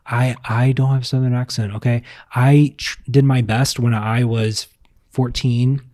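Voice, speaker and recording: A man's voice: medium pitch, flat delivery, unhurried, darkish tone, no room sound, clean studio sound. A young man from Virginia chatting casually at home, telling stories in a rambling, self-correcting way. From Virginia, US South. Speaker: vlogger. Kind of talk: casual chat. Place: home, indoors.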